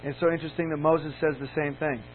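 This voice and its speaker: Campus minister guy preaching, pretty high voice, gets real emphatic, sounds thin like over a phone. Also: little pitch movement, fast. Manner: candid, storytelling, builds to emphatic peaks. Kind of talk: sermon. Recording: tinny lo-fi sound with faint mains hum.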